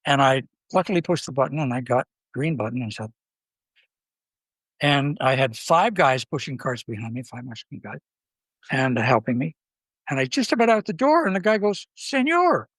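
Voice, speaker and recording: A man, the guest in an interview, telling lively anecdotes and acting out the people he quotes. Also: mid-range voice, normal speed, dry recording, low-quality recording. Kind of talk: storytelling interview.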